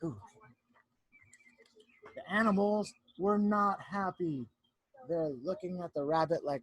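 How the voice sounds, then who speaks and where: Lively man reading a picture book to kids. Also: high voice, slow pace, long pauses, no echo. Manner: warm, animated storyteller who keeps checking in with the children. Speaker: teacher. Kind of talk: reading a picture book aloud to young children.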